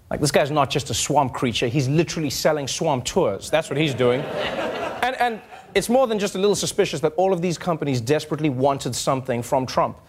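A man's voice: on the high side, background noise. A man hosting a late-night comedy show, delivering a satirical monologue in a wry, punchline-driven way. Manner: wry, punchline-driven, laughs between jokes.

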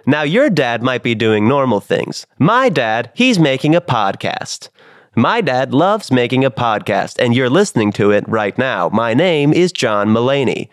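A young man doing a playful impression of a well-known stand-up comedian, with a bouncy, drawn-out delivery. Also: mid-range voice, sing-song, dry recording, studio quality, voice pushed up.

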